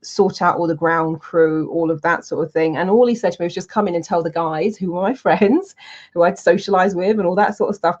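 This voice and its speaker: A woman, a public speaking coach, telling anecdotes in a casual, animated way and acting out her own lines. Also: sits low. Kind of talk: casual storytelling to camera. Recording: dull lo-fi sound.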